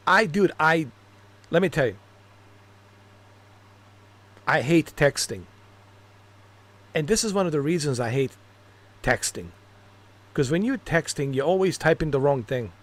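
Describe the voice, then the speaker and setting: A man's voice: a little high, expressive, moderate pace, long pauses, fairly bright tone. Rambling, laughing man telling stories. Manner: rambling, laughs at his own stories, curses freely. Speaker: gaming streamer. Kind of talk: casual storytelling chat.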